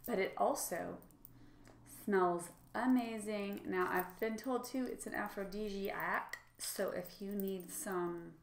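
A woman's voice: on the low side, gravelly, a bit bright. Chatty middle-aged woman, echoey room. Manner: chatty and enthusiastic, with frequent fillers. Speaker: lifestyle vlogger. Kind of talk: casual product demonstration.

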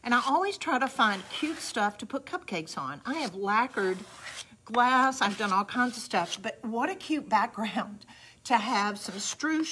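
A woman's voice: a little high, bright, forceful tone, a little hiss or hum. A middle-aged woman with a Southern US accent hosting a casual live craft demo, chatty and folksy, talking straight to viewers. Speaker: craft host demonstrating a product.

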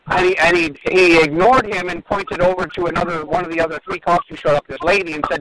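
A man's voice: sits high, steady tone, a little fast, hardly any pauses, a crowd in the background, poor audio. A male dermatologist guest on a radio show, earnestly recounting events and repeating words as he goes. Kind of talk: phone-in storytelling.

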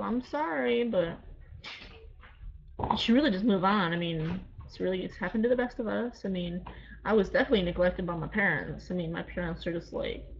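A woman's voice: medium pitch, muffled recording. A woman in her early twenties ranting defiantly to camera in a casual vlog, sarcastic and rambling with many restarts. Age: 20s. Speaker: vlogger. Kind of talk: casual talking-to-camera rant.

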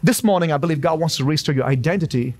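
A man's voice: on the high side, fast talker. A male pastor in his thirties preaching a sermon in a church, emphatic and repetitive, with touches of humor. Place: church sanctuary.

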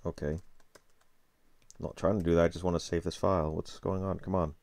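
Low gravelly man muttering over code. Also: flat delivery, brisk, darkish tone, no room sound. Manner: muttering, self-correcting, frustrated asides. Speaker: programmer streaming a coding session. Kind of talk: thinking aloud while coding. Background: keyboard typing and clicking.

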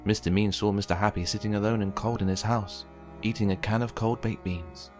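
Male storyteller, low voice, gentle and expressive, faint music behind. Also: a little fast. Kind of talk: children's book read aloud. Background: faint background music.

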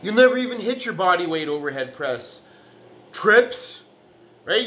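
A man's voice: high-pitched, big pitch swings, unhurried, bright, forceful tone. A man ranting in a profane, boastful way, trash-talking rivals, with an argumentative tone that keeps returning to "man" and "right". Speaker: fitness vlogger. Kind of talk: profane reaction rant.

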